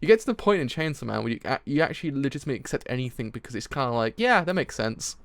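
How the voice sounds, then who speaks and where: Excitable man with gravelly, lively voice. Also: medium pitch, rapid-fire, no room sound. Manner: excitable, laughs often, rambling. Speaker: streamer reviewing a manga chapter. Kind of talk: live reaction commentary.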